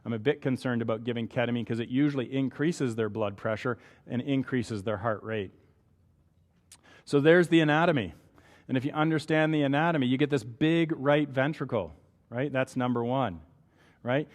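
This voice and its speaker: A man's voice: mid-range voice, moderate pace. Canadian guy teaching doctors, chatty, keeps saying right, big hall echo. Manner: conversational, asks "right?" often. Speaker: physician lecturer. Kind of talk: medical lecture. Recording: long hall reverb.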